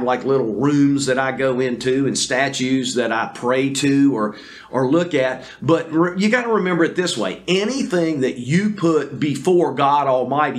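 A man preaching a sermon on video as pastor, earnest and deliberate, with many fillers and restarts. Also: a little high, a bit bright. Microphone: camera recording.

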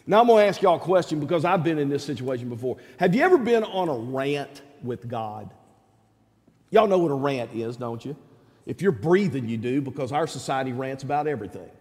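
A middle-aged man preaching a sermon as pastor, folksy and animated, sometimes rising to shouts. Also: mid-range voice, brisk, long reverb tail.

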